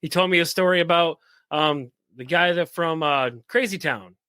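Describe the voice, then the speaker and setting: A man hosting a podcast, chatting in a relaxed, easy way. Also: on the high side, moderate pace, clear, resonant tone, no room sound. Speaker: podcast host. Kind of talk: casual chat.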